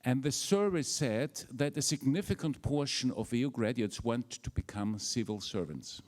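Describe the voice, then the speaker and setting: A man's voice: mid-range voice, expressive, moderate pace, darkish tone. An older man with an Austrian German accent gives a formal welcome speech as a university rector, hesitant and full of fillers. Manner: hesitant, with many fillers and restarts.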